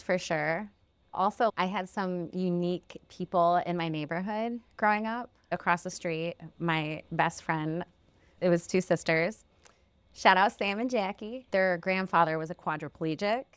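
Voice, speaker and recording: Podcast co-host, upbeat and casual, lower voice, dry mic. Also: female voice, smooth, no room sound. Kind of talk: casual chat.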